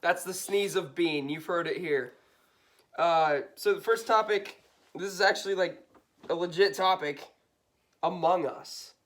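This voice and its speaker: A man's voice: sits high, a little slow, fairly bright tone. A man co-hosting a casual podcast with his brother, laughing, swearing and rambling with fillers. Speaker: podcast co-host. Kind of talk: casual chat.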